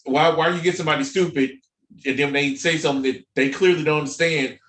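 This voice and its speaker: A man's voice: a little high, fairly even intonation, fast, fairly bright tone, recorded from a distance. A man co-hosting a podcast in casual chat, ranting about cartoons and movies and laughing often. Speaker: podcast co-host. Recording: roomy echo, somewhat off mic.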